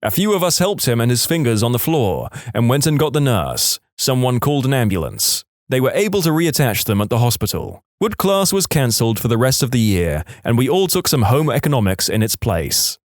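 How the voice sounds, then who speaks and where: Lively male story narrator. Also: medium pitch, brisk, hardly any pauses, dry recording, studio quality. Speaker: narrator reading online stories. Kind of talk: scripted narration.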